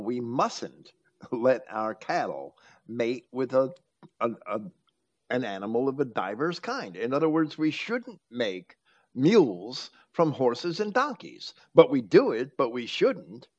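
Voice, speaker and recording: A man's voice: medium pitch, big pitch swings, measured pace, dull audio. A man hosting a talk, teaching from scripture with emphatic quoting. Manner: preachy, quotes scripture with emphasis. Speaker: host.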